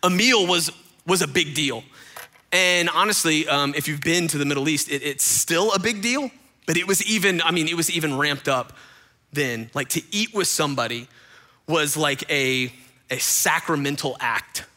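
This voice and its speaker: Male pastor, conversational sermon, very bright tone, slightly high, repeats himself. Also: normal speed. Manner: conversational, repeats words, addresses listeners directly.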